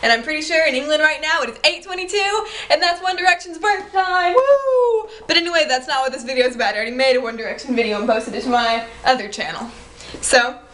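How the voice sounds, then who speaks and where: A woman vlogging casually to camera, rambling in an exasperated, excitable way. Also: high voice.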